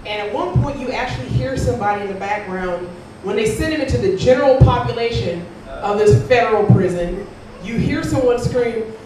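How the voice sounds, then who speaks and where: A woman's voice: a little high, lively intonation, brisk, a little mellow, a little hiss or hum. A woman performing a stand-up comedy set, telling a crude story in a brash way and slipping into acted-out voices. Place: comedy club stage with audience laughing. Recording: echoey distant live club recording.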